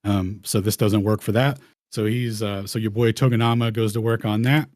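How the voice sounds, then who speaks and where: A man hosts a round table, talking loosely over his slides and often restarting phrases. His voice is mellow and relaxed, and the recording is dry and close. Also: fairly low pitch, normal speed, dry recording. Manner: rambling, slangy, restarts mid-phrase. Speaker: host. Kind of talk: casual presenting over slides.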